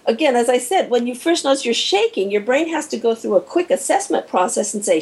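A woman with a husky, slightly breathy voice speaks as an interview guest. Her pitch swings widely as she explains, and she slips into little acted-out inner voices to make her points. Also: a little fast, few pauses, rough recording. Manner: animated, acts out little scenes with quoted inner voices. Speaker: guest expert on shock and recovery.

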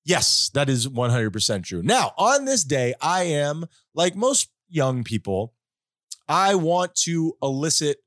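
A man hosting a podcast, telling a rambling story in casual chat with animated, joking asides. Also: a little high, dry recording, clean studio sound. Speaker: podcast host.

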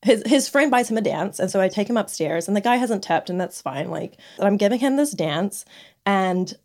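A woman's voice: medium pitch, animated, moderate pace, a little mellow. A young woman co-hosting a podcast, telling stories in a chatty, giggly way with plenty of fillers. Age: young adult. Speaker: podcast co-host. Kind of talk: casual chat, storytelling.

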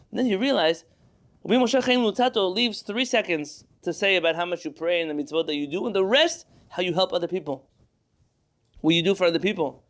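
High-voiced male teacher giving a Torah lecture, reading Hebrew and explaining it in English. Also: a bit bright. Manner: reads Hebrew text then explains in English, asks rhetorical questions.

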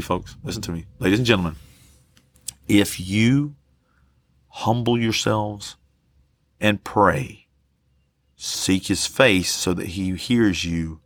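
A man preaching a passionate sermon as pastor, dragging out key words slowly for emphasis. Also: low-pitched, fairly bright tone, no echo.

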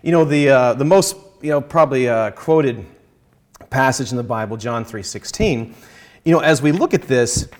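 A man in conversation, earnestly explaining his Christian faith and quoting scripture, slowing down to stress key phrases. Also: medium pitch. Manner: quotes scripture, halting restarts. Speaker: Christian guest speaker.

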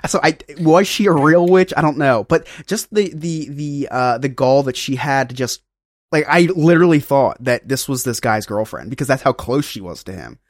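A man's voice: mid-range voice, normal speed, dry recording, studio quality. A man co-hosting a podcast, telling a long story casually in a rambling, self-mocking way with lots of fillers. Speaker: podcast co-host.

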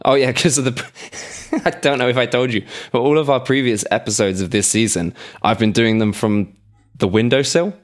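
A man with a London accent chats casually as a podcast co-host. He talks in halting bursts full of fillers and breaks into laughter often. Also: medium pitch. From England. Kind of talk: casual chat. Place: home room.

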